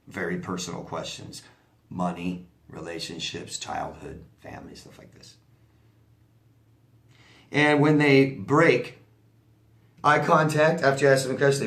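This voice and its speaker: Blunt, conversational man coaching in a roomy space. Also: on the low side. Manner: blunt, conversational, repeats points with asides. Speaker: life coach. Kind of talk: casual advice monologue.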